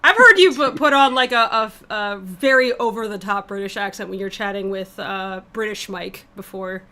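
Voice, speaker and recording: A woman chatting casually on a live stream, giggly and animated as she retells scenes. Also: medium pitch, moderate pace. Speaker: animation creator.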